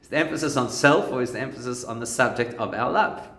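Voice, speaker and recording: A man's voice: medium pitch, fast, fairly bright tone, roomy sound. A man, a rabbi, giving a conversational Torah lesson and telling humorous anecdotes.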